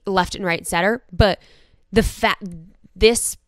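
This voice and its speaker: Smooth-voiced young woman podcast co-host. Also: medium pitch, fairly even intonation, measured pace, dry recording, clean studio sound. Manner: emphatic, acts out quoted reactions. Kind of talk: casual chat.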